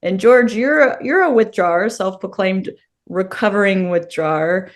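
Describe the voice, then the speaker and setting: A woman's voice: mid-range voice, moderate pace. Bubbly enthusiastic woman podcast host. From United States. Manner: bubbly and enthusiastic, laughs often. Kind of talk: casual podcast interview.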